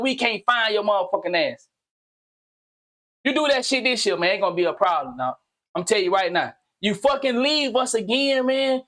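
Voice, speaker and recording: A man hosting a gaming channel, delivering a loud, slangy, profane comedic rant that swings into shouting. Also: sits high. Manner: slangy, repetitive, teasing.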